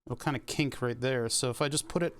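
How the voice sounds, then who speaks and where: A man streams himself repairing a printer, joking and making sarcastic asides as he works and chuckling often. His mid-range voice is brisk and slightly bright, picked up by a headset or desk mic.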